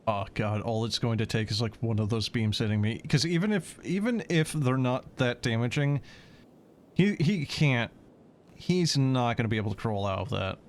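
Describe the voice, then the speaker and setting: A man's voice: lowish voice, a little hiss or hum. A man streaming a game in casual chat, sarcastic and swearing as he answers chat.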